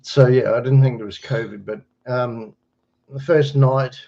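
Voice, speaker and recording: A middle-aged Australian man chats loosely to his livestream viewers, wandering between stories, greeting people by name and chuckling at his own jokes. His voice sits in a plain middle pitch. The webcam microphone gives the sound a slightly dull, muffled edge. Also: steady tone, a little slow, gravelly, dark tone. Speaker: livestream host. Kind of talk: casual livestream chat answering viewers.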